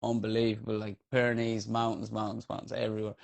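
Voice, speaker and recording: A man with an Irish accent, a trail runner on a podcast, telling a race story in a lively, casual way with many fillers and swearing. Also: lowish voice, fast, gravelly.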